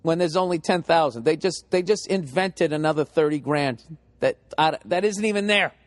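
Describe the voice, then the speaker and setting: A man's voice: a little high, normal speed, dry recording. Profane ranting stand-up man, dry sound. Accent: Boston. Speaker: stand-up comedian. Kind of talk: stand-up comedy set.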